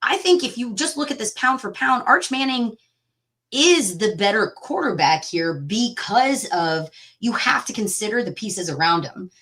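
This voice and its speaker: A woman's voice: fairly high pitch, expressive, normal speed, fairly bright tone. A woman co-hosting a casual sports podcast, talking emphatically with sarcastic asides. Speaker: podcast co-host.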